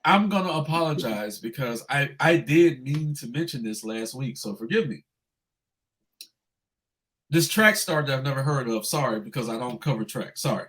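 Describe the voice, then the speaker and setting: A man co-hosting a casual sports podcast, animated and profane, ranting loudly when upset. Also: medium pitch. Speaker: podcast co-host.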